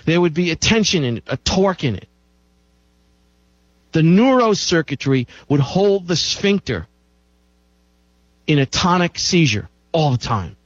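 A man with a somewhat high voice gives an emphatic health-talk monologue, driving points home by repeating them. The sound is dull and lo-fi, with a dry, close feel and no room echo. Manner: emphatic, repeats key phrases for effect. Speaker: show host.

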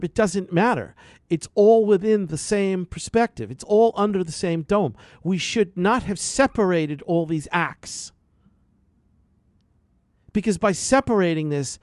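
A man's voice: sits high, darkish tone, no echo. A man hosting a radio health show, delivering an impassioned, repetitive, preachy monologue into a studio microphone.

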